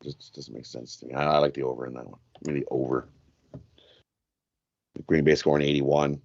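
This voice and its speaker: Deep-voiced co-host, halting delivery, muffled remote line. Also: male voice, little pitch movement, creaky, darkish tone. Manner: hesitant, repeats himself, lots of uh and yikes. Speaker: podcast co-host, bettor. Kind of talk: casual sports betting chat.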